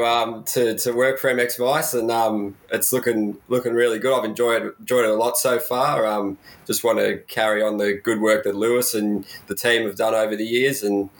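A man's voice: fairly low pitch, low-quality recording. A man with an Australian accent chatting in a laid-back way as a co-host, with frequent "mate". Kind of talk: casual chat.

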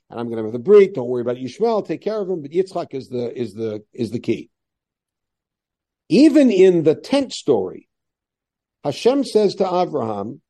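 A man teaching a Bible class as a lecturer, quoting the text in quick spoken paraphrase. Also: fairly high pitch. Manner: animated lecturer voicing quoted lines.

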